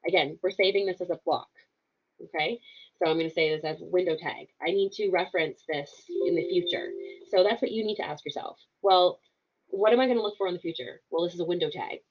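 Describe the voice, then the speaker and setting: A woman walking viewers through a software tutorial, upbeat and instructive, often checking in with "okay?". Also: lowish voice, fairly quick, husky, dull audio. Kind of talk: screen-share tutorial narration.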